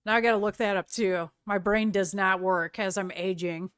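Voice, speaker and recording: A woman's voice: mid-range voice, fairly even intonation, normal speed, a bit bright, clear, resonant tone, no echo, clean studio sound. A middle-aged woman streaming live, chatting casually with viewers in a rambling way and often searching for words.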